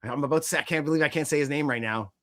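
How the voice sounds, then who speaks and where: A man co-hosting a casual wrestling podcast, rambling and animated, swearing casually as he talks. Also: on the high side, racing. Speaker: podcast co-host.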